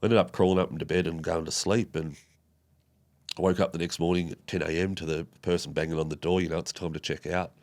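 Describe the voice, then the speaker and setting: Aussie guy with a really low voice, halting and full of um and you know, telling his story on a podcast. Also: fairly even intonation, darkish tone. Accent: Australian. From Tasmania, Australia. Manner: halting, many fillers and restarts. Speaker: podcast guest. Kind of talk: recounting a personal story.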